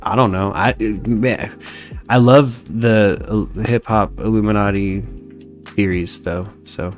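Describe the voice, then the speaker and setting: A man's voice: lowish voice, steady tone, slow pace, soft background music. A man hosting a podcast in casual chat, rambling and profane, often trailing off as he reads out chat comments. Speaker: podcast host.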